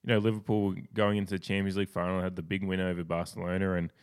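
Deep-voiced man chatting about sport. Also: quick pace, clear, resonant tone. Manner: rambling, animated storytelling with frequent restarts. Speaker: podcast co-host. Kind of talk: casual sports chat.

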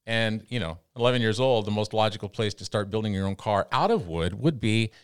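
A middle-aged man from the Amarillo, Texas area, a radio broadcaster, telling animated stories full of quoted dialogue as a guest in an interview. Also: on the low side, a little fast, clean tone, dry recording, clean studio sound. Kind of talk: casual storytelling.

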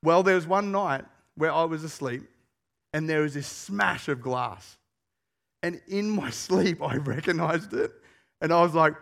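A pastor preaching a sermon, telling stories with animation and putting questions to the congregation. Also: male voice, fairly high pitch, unhurried, vocal fry. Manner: animated storyteller who asks the congregation questions.

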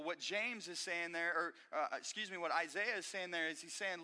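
A male pastor delivers a sermon with a high, bright, forceful voice. He preaches animatedly and emphatically, often restarting phrases. Long hall reverb from the church sanctuary surrounds him. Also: steady tone, moderate pace, hardly any pauses.

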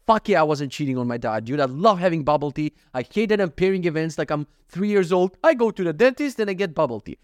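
A man's voice: on the high side, expressive, quick pace, hardly any pauses, no echo, clean studio sound. A young man hosting a solo podcast, rambling through jokey, profane stories. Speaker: podcast host. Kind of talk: casual solo podcast monologue.

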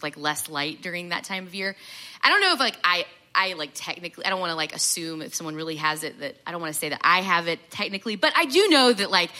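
A woman's voice: lowish voice, sharp tone. A woman giving a conversational sermon, chatty and self-deprecating, with lots of fillers and asides. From American South. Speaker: preacher.

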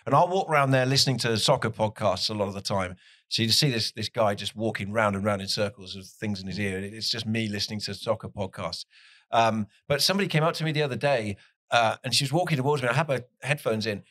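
A man's voice: fairly low pitch, quick pace, a bit bright, no room sound, studio quality. A man with a southwest English accent, a soccer commentator chatting on a podcast, rambling and laughing often. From southwest England. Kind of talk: casual podcast chat.

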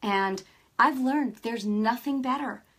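A middle-aged woman giving a casual faith talk, telling stories with lively energy and often checking in with her listeners. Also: a little high, slow. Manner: lively storytelling, acts out quoted dialogue; peppers speech with "right?" and "you know". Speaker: Christian speaker.

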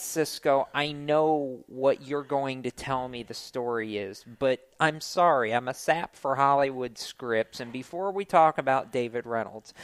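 Smooth-voiced guy hosting a racing talk show, chatty, gets emphatic. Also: mid-range voice, a little slow, few pauses, fairly bright tone. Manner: enthusiastic and chatty, emphatic on key points. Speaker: podcast host. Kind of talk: casual motorsports talk show.

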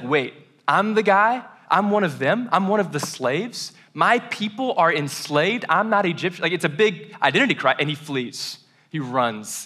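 Casting: young male pastor, bright, slightly high voice, laid-back chatty sermon delivery. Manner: casual, conversational preaching with frequent "right?" and "like"; acts out voices of biblical figures in quoted asides.

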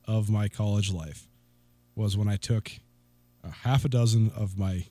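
A man co-hosting a radio talk show, telling a lively anecdote in a casual way. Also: lowish voice, measured pace, no echo. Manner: laughing, lively anecdote telling with quoted voices. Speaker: radio co-host. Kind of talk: casual storytelling chat. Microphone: studio microphone.

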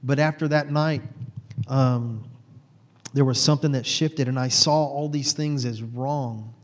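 A man's voice: mid-range voice, steady tone, unhurried, in a large hall. A man from Texas, a guest telling his personal faith story in an earnest, heartfelt way.

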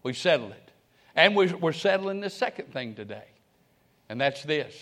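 High-voiced preaching man. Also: moderate pace. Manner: animated preaching, swings from shouts to hushed prayer; repeats words and phrases. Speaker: pastor. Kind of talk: sermon.

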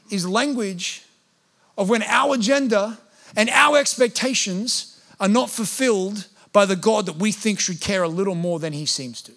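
A man's voice: high voice, normal speed, gravelly, a bit bright. A man, preaching a sermon as a pastor, earnest, and at times acting out prayers in a pleading voice. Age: 30s.

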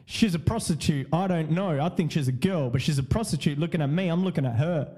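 A man's voice: fairly high pitch, brisk, mellow. A man hosting a podcast, telling a story casually in a rambling, repetitive way, laughing often and swearing freely. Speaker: podcast host.

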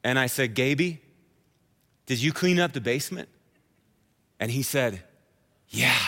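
A man in his thirties preaching a sermon to a live congregation, telling a personal story in a conversational, animated way. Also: medium pitch, a little slow. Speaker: pastor. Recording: hall reverb.

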